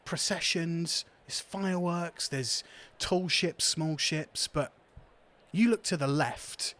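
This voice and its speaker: A man narrating a tabletop game as game master, in a relaxed, descriptive way. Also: on the high side, slow.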